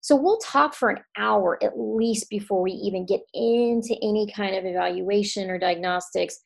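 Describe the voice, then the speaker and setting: A woman's voice: mid-range voice, normal speed, creaky. A woman, a chiropractor guest on a podcast, talking casually with lots of fillers and restarts. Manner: warm, chatty, many restarts and fillers.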